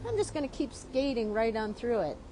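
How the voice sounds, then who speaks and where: A woman from Chicago, a drawing teacher, telling a story in a lively, chatty way while she draws. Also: fairly high pitch, fairly quick, slight background noise. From Chicago, USA. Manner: lively, keeps asking "right?".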